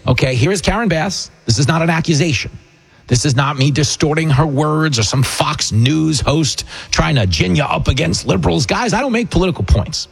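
A man's voice: fairly high pitch, lively intonation, normal speed, vocal fry, slightly rough. A middle-aged man hosting a political talk radio show, delivering a sarcastic, mocking monologue that slips into put-on voices.

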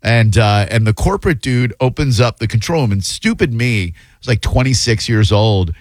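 A man's voice: mid-range voice, lively intonation, normal speed, dry recording. A man in his fifties filling in as a talk radio host, telling rambling, self-deprecating stories with plenty of fillers. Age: 50s. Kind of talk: casual radio chat and storytelling. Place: radio studio. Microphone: studio broadcast mic.

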